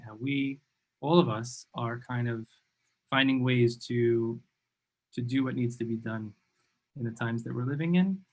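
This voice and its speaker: Enthusiastic rambling male host. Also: medium pitch. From New York. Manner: enthusiastic, rambling, repeats himself. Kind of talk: conversational interview.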